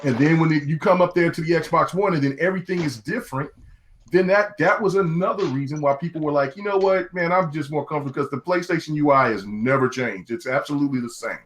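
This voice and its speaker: A man chatting on a gaming podcast, animated and repeating words as he makes his point. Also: fairly high pitch, quick pace. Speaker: podcast guest. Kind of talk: casual chat.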